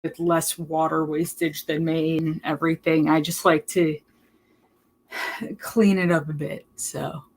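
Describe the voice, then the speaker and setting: A woman's voice: low voice, little pitch movement, a little slow, faint music behind, low-quality recording. A woman live streaming, rambling casually to her chat in a blunt, profane way. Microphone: laptop mic.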